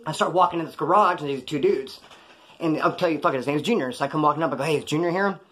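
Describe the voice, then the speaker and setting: Rapid-fire and a bit bright, a slightly high-voiced middle-aged man tells a crime story from his days as a convict. He speaks in casual, profane street slang, rambling and breaking off into asides.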